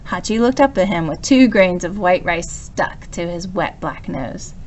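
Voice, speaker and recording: A woman's voice: on the low side, expressive, a little slow, slight background noise. Woman reading a storybook aloud. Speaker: storybook reader. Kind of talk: read-aloud storybook narration.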